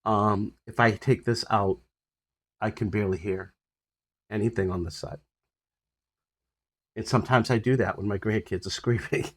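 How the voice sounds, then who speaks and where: An older man with a husky voice casually rambling about his health on a phone recording, full of fillers and restarts. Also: fairly low pitch, steady tone, normal speed, pauses often. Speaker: vlogger sharing his health journey. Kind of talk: casual personal update to camera.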